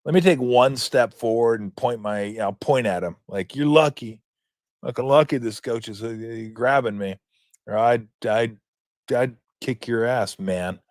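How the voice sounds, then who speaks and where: A man voicing a brash male baseball pitcher who bluffs through a scuffle, in a mock-tough mutter. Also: measured pace, darkish tone, no room sound, studio quality, natural voice. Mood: smug.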